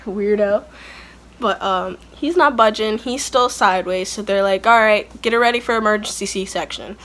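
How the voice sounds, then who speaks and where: A woman's voice: mid-range voice, normal speed, fairly bright tone. A young woman vlogger telling a story in a chatty, candid way, full of "like" and blunt asides. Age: young adult. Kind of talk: casual storytime. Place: at home, kids nearby.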